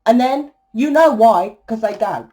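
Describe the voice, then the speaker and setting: A woman's voice: fairly high pitch, expressive, unhurried, warm tone. A woman giving a tarot reading in a fiery, blunt monologue, swearing freely and asking "right?" often. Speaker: tarot reader.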